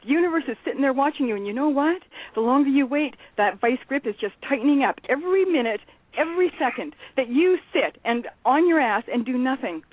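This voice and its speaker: A woman's voice: sits high, lively intonation, a little fast, dry recording. A woman guest on a call-in talk show, speaking bluntly and urgently and swearing freely. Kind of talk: impassioned call-in rant. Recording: tinny phone line, dry.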